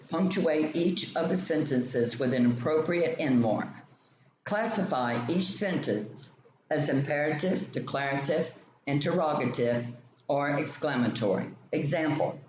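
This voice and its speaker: Guy reading grammar lesson slow n methodical, kinda echoey room, faint hiss in the back. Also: a little high, a little mellow. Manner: slow, methodical explanation with example sentences. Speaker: teacher. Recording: roomy, dull lo-fi sound with faint ambient noise.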